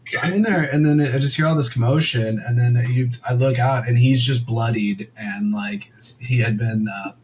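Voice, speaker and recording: A man's voice: mid-range voice, normal speed, hardly any pauses, a little hiss or hum, low-quality recording. A young man co-hosting a podcast, telling a story in a rambling, casual way full of "like" and quoted asides. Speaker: podcast co-host.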